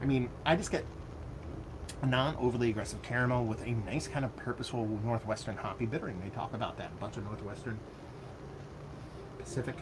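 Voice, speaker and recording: A man giving a casual, animated beer tasting review, excitable and self-mocking, with loose cursing. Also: medium pitch, a little fast, long pauses, noisy background.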